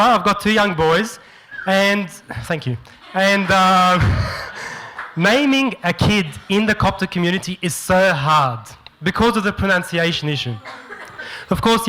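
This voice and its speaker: A man in his thirties tells stand-up stories in an animated way. His voice sits high for a man and sounds bright and forceful, with a faint hiss under it. He often slips into quick impressions of his relatives. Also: rough recording. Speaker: stand-up comedian. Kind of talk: stand-up comedy storytelling. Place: stage before a live audience.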